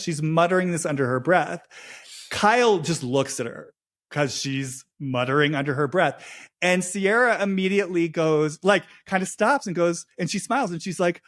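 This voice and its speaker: A man co-hosting a podcast in a casual chat, talking fast and acting out quoted lines in changed voices. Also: sits high, fairly bright tone. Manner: swears freely, says "like" often. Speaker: podcast co-host.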